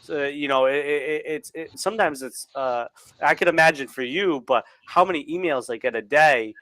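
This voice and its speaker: Man, halting podcast host. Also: a little high, sharp tone, dry recording. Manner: halting, restarts often. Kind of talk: casual chat.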